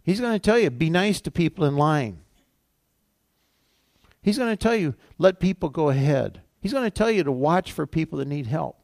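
A man's voice: fairly high pitch, expressive, normal speed, gravelly, darkish tone, no echo, studio quality. A male pastor preaching a sermon in a conversational way, acting out the voices he quotes.

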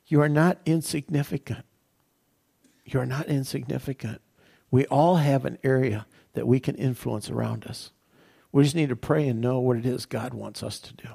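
A man's voice: medium pitch, fairly even intonation, normal speed, vocal fry, mellow, breathy edge. A middle-aged male pastor preaching a sermon in a conversational way, full of "you know" fillers, and turning urgent with emphatic repetition.

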